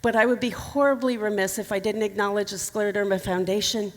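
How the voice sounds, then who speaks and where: A woman's voice: mid-range voice, fairly even intonation, quick pace, long reverb tail. A middle-aged woman telling a personal story to a conference audience, candid and emotional with touches of humor. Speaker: keynote speaker. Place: conference hall.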